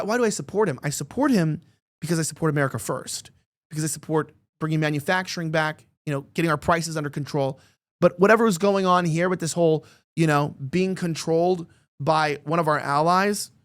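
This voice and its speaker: A man's voice: on the high side, brisk. A man hosting a political commentary show, talking emphatically and rambling, often repeating words as he gets worked up.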